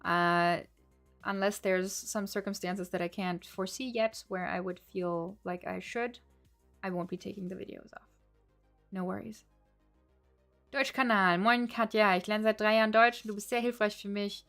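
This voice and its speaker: A woman's voice: mid-range voice, fairly even intonation, normal speed, vocal fry, a bit bright, soft background music. A woman, a language-learning streamer, chatting casually on a livestream as she reads and answers viewer comments, laughing often and switching between English and German.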